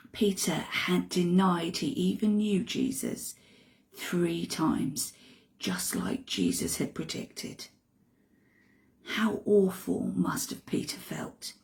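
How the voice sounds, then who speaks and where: A woman retelling a Bible story in an expressive way, dropping to hushed asides. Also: lowish voice, creaky.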